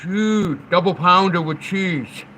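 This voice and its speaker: A man's voice: sits high, slow pace, bright, forceful tone, a little hiss or hum, full character voice, low-quality recording. A man doing an impression of a boastful older male politician who repeats words with heavy stress.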